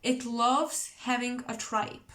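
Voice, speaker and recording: A woman doing an intuitive tarot reading to camera, musing and searching for words with many pauses. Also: on the high side, fairly even intonation, fairly bright tone, roomy sound. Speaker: tarot reader.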